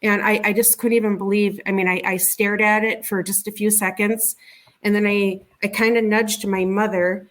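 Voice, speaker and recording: A middle-aged woman, an interview guest, recounting a personal experience in a conversational, halting way, often repeating words and restarting her sentences. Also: medium pitch, little pitch movement, fairly bright tone. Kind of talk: conversational storytelling.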